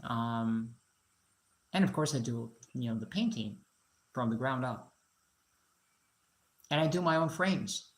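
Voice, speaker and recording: A woman from Moscow with no foreign accent, chatting and joking with viewers during a casual live stream from her garage. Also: extremely low pitch. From Russia (Moscow). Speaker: live-stream host, musician and painter.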